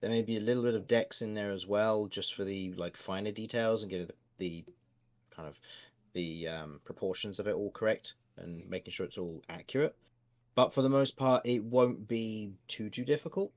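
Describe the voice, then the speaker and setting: Casting: man as game master, lowish voice, patient rules explainer. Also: normal speed, darkish tone. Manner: explanatory, hesitant fillers while working out rules.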